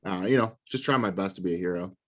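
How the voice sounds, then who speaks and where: A man's voice: low-pitched, fast, a bit bright. A young man co-hosting a casual podcast chat, easygoing and agreeable. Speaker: podcast co-host.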